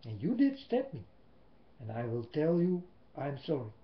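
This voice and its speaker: A man whose first language is Dutch, preaching a sermon in English into a webcam at home, slow and emphatic, swinging between loud and soft. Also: on the high side, wildly swooping pitch. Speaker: lay preacher. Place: indoors at home. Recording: roomy, dull webcam audio.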